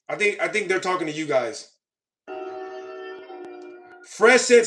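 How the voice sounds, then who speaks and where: A man's voice: sits high, lively intonation, normal speed, long pauses, a bit bright, soft background music. A man reading viewer comments on a live stream, arguing with commenters in a defensive, lecturing way and often asking if they know what he means. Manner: repeats "you know what I mean".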